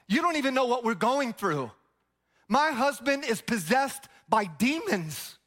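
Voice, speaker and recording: A man's voice: extremely high pitch, big pitch swings, measured pace, a bit bright, exaggerated voice. A pastor voicing a desperate, poor woman pleading over her suffering husband, in a distressed manner. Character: desperate poor wife of a possessed man.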